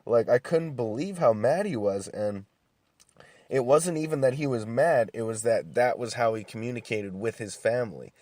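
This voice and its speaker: A young man telling stories in a calm, laid-back way, full of swearing and restarts. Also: mid-range voice, moderate pace, dry recording. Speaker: podcast host. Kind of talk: casual monologue.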